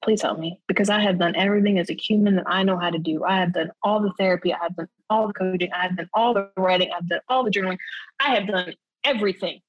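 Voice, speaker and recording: A woman guest speaking candidly and earnestly in conversation, often checking in with "right?" and laughing softly between thoughts. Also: lowish voice, fairly even intonation, fast talker, no room sound, lo-fi sound. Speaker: interview guest. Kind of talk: candid personal testimony in conversation.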